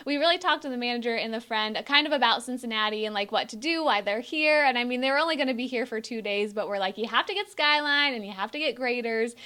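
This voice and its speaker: A young woman tells a storytime vlog in a high, bright voice. She is bubbly and chatty, filling in with "like" and acting out what others said. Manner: bubbly, chatty, many fillers, acts out quotes. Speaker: vlogger. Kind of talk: storytime chat.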